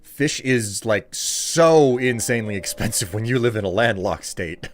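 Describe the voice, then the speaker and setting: A man from the United States with a fairly low voice, chatting casually on a live stream. He rambles and rants in loose, run-on sentences while answering his viewers. Faint game music plays behind him. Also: unhurried. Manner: rambling, ranting, talks back to chat.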